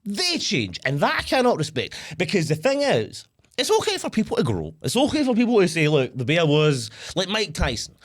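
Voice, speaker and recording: Ranting, swearing podcast co-host. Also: male voice, high voice, a little fast. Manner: swears freely, animated ranting. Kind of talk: casual chat.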